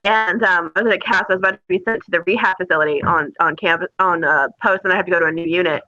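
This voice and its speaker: A woman's voice: on the low side, racing, highs cut off. A woman guest telling crude, funny stories in a casual interview, laughing as she goes. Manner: animated, laughing, crude humor.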